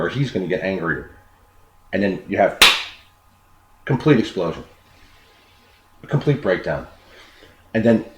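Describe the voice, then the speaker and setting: Man, very deep voice, earnest motivational speaker, repeats himself, echoey room. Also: a little mellow. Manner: earnest, repeats words, acts out quoted dialogue. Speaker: self-improvement speaker. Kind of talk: unscripted motivational talk. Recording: echoey room with faint noise.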